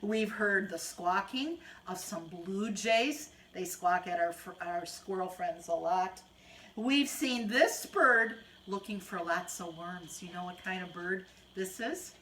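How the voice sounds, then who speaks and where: Woman, children's storyteller, sing-song, gentle, bright voice, faint background noise. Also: fairly low pitch, takes it slowly. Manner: gentle, sing-song, talking to small kids. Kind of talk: reading a picture book to children.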